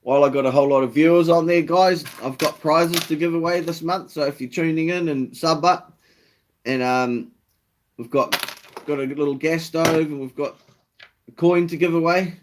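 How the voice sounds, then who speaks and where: Kiwi-accented man, slightly higher voice, relaxed live-stream host who swears freely and reads out chat, faint noise behind. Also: normal speed. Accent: New Zealand. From New Zealand. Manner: laid-back, swears freely, reads out viewer comments.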